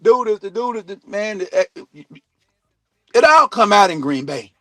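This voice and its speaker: A high-voiced man hosts his own sports talk stream, delivering a heated, profane football rant. Blunt and swearing freely, he lurches from loud bursts to quiet asides with lively intonation and no rush. His streaming mic gives close, dry sound without room echo.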